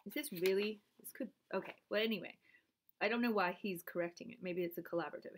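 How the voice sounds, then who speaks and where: A woman's voice: mid-range voice, quick pace. Woman vlogger with a stuffy head cold, rambling read-aloud with offhand asides. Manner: drifts between reading aloud and chatty asides. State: congested from a cold. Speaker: vlogger reading her father's papers. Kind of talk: casual rambling talk and reading aloud.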